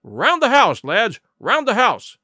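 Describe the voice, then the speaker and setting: A man's voice: high voice, sing-song, normal speed, pushed and bright, no echo, studio quality, heavily acted. A man reading an audiobook, voicing a stern, commanding male sea captain who gives clipped orders. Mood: shouting orders. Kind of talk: audiobook character voice.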